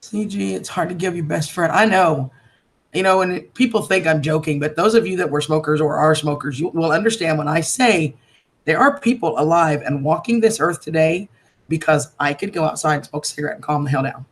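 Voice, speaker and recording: On her live stream, a woman with a low-sitting voice chats briskly and sincerely, welcoming viewers as sweetheart and darling.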